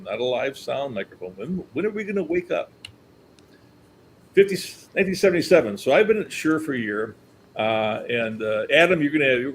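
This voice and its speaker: Older man telling animated industry anecdotes. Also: mid-range voice, a little hiss or hum, poor audio. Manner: animated storyteller, acts out quotes, chuckles. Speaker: company historian, guest. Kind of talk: anecdotal storytelling.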